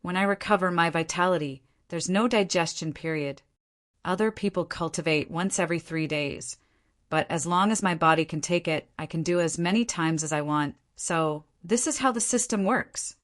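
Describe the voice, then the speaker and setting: A cocky young man training in martial arts, read by a woman in a voice close to her own. He brags to himself and snaps back when teased, with a lower, slightly dark tone. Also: normal speed, close to an everyday voice. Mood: smug. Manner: boastful, exasperated.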